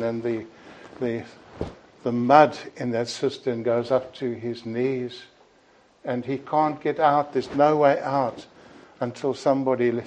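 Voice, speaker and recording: Slow, mellow-voiced male preacher. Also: mid-range voice, a little hiss or hum, poor audio. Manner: earnest, deliberate, often ends points with "you see". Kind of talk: evening sermon.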